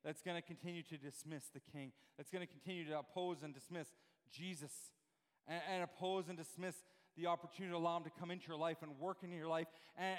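A pastor delivering a sermon, preaching fervently and asking the congregation rhetorical questions. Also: male voice, a little high, fairly even intonation, fast, long reverb tail. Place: church room with live audience, also streamed.

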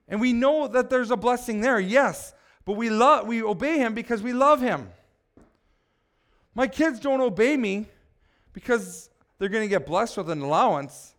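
A man's voice: very high voice, a bit bright. A man preaching a sermon as pastor, speaking emphatically and asking the congregation questions.

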